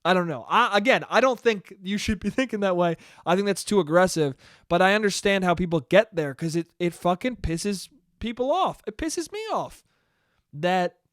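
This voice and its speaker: Casting: male solo podcaster, high, smooth voice, swears freely, rambles and puts himself down. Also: expressive, normal speed, fairly bright tone, no room sound, clean studio sound. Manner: profane, rambling, self-deprecating. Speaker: podcast host. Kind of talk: solo casual podcast rant.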